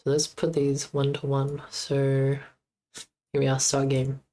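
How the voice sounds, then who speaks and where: A woman with a very low voice gives casual commentary on a live stream while working through her game code. She talks slowly and haltingly at a relaxed, unhurried pace, muttering questions to herself as she debugs.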